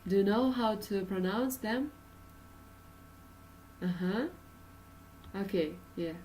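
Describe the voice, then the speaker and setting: A woman's voice: mid-range voice, takes it slowly, mellow, far from the mic, slight background noise, poor audio. A woman from Russia with a Russian accent, teaching an English pronunciation lesson with many uh and um fillers and patient explanations.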